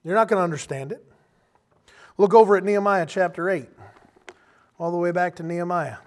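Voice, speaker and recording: A man preaching a sermon in a conversational, animated way, acting out quotes as he goes. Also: high-pitched, brisk.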